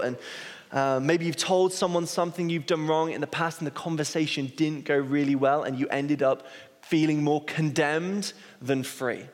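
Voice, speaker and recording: Man preaching in an echoing hall. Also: fairly high pitch. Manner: earnest, self-deprecating storyteller. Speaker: associate pastor. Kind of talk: sermon with personal storytelling. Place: church hall. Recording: long reverb of a large hall.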